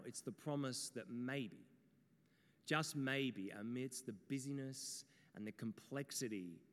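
A man preaching a sermon, telling stories and speaking straight to his listeners. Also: medium pitch. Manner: storytelling, animated, addresses the audience directly. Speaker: pastor. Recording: long reverb in a hall.

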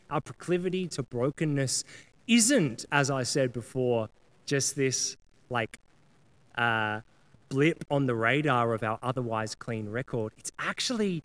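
A man's voice: on the high side, fairly bright tone. A man preaching a sermon in a casual, earnest way, often acting out prayers and apologies in quoted voices. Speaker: pastor.

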